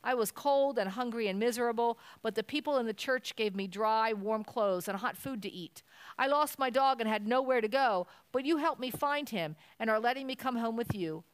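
A woman voicing a poor, lonely, grateful boy in a storybook, speaking quietly and earnestly. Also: a little high, normal speed, smooth, no room sound, close to an everyday voice.

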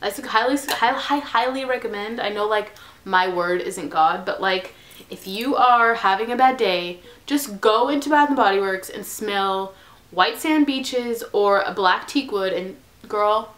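A woman's voice: mid-range voice, measured pace, a bit bright. A woman gushing through a casual haul vlog from her bedroom, bubbly and chatty, sometimes dropping to a whisper. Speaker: haul vlogger.

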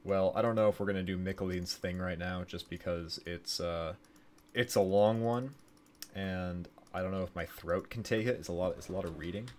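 A man's voice: sits low, fairly even intonation, normal speed, darkish tone. A man streaming a game, reading its story text aloud, stumbling over words and correcting himself with casual asides.

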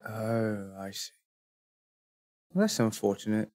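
A man's voice: fairly low pitch, lively intonation, slow, darkish tone. A man voicing a cocky young adventurer who talks in slang, calls people mate and makes veiled threats. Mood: sarcastic. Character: cocky young male adventurer, quietly menacing.

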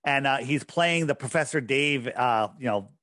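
A man's voice: medium pitch, moderate pace, sharp tone, no room sound, studio quality. A man speaking as a podcast guest in casual chat, insistent and emphatic, often repeating himself.

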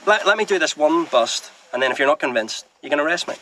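A man's voice: on the high side, lively intonation, fast, background noise, close to an everyday voice. An actor with a Glasgow accent playing a shifty, pushy man who insists he is an undercover officer. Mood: insistent. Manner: pushy, insistent, shouts demands.

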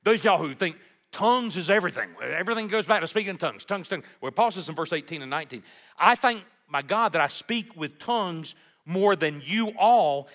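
Guy preaching, bright voice, pitch all over the place, lots of emphasis. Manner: animated, emphatic preaching with rhetorical questions. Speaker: pastor. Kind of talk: sermon.

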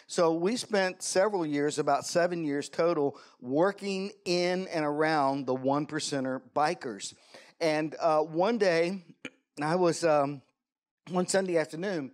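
A male pastor preaching a sermon, telling a story in an animated way with self-deprecating humor. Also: fairly high pitch. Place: church sanctuary.

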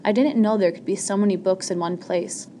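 A woman's voice: mid-range voice, fairly even intonation, brisk, mellow, slight background noise. A woman narrating an audiobook chapter in the first person, reading steadily with a few small slips.

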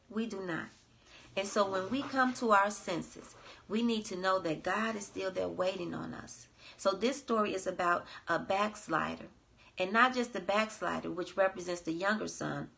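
A woman hosting a devotional podcast teaches earnestly from scripture. She circles back over her phrases to drive them home. Her voice has a gravelly edge at mid pitch. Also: fairly bright tone. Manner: earnest, repeats phrases for emphasis. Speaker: coach and podcast host.

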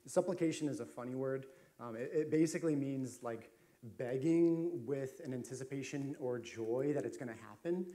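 A man's voice: medium pitch, normal speed, warm tone. A man preaching a sermon as a pastor, chatty and storytelling, with frequent fillers and restarts. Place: church sanctuary.

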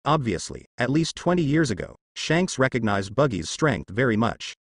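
A man narrating a translated fan-fiction story at a steady, even reading pace. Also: medium pitch, moderate pace, dry recording, clean studio sound.

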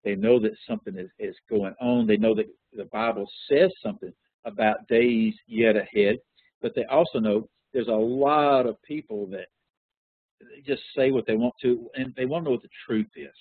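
Husky-voiced man teaching over a phone line. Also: medium pitch, normal speed, no echo. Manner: relaxed, conversational teaching with frequent fillers. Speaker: Bible study teacher. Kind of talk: interactive Bible lesson.

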